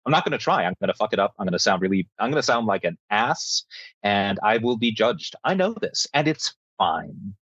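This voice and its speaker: An American man co-hosting a podcast, talking about the news in an animated, sarcastic way. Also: fairly low pitch, a little fast, husky, no echo, highs cut off. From United States. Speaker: podcast co-host. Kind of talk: casual news chat.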